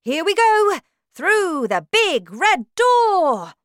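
Woman doing an excitable, squeaky showman. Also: takes it slowly, noisy background. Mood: excited. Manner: high, bouncy and theatrical. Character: eccentric small chocolate maker, excitable man.

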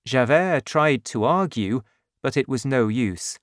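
A male narrator reads a book chapter slowly and clearly. His pitch moves expressively. The recording is close and dry. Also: expressive, no room sound. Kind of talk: scripted audiobook narration.

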